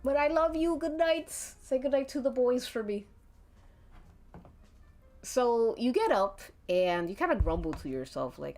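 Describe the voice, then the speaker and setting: A woman's voice: a little high, animated, measured pace, darkish tone. A woman narrating a tabletop game as game master on a live stream, giggling often between lines. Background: faint background music.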